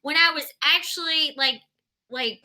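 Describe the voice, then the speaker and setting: Bubbly woman trial lawyer from Texas, high bright voice, storyteller, casual interview guest. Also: a little slow. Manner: bubbly, laughs often, tells stories. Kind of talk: casual chat.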